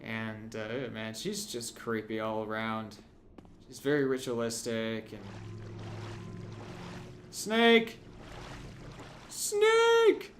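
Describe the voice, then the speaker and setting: A young man commentating a video game playthrough, chatty and jokey, with sudden loud yelps. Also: fairly low pitch, fairly even intonation, a little slow, slight background noise. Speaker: gameplay commentator. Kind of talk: let's play commentary.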